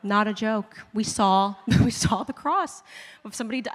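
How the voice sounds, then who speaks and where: A woman from the United States giving a chatty personal faith testimony, full of "like" and quick laughs between lines. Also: on the high side, long reverb tail, slight background noise. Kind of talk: personal storytelling talk.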